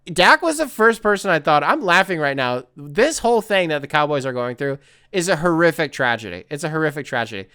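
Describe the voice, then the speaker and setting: A man hosts a casual sports podcast, reading a listener's email aloud and stopping often to laugh and riff. His voice is smooth and a little high for a man. The sound is close and dry, with no room behind it. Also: very animated, fairly quick, pushed and bright, dry recording. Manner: laughs often, riffs and swears while reading. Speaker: podcast host.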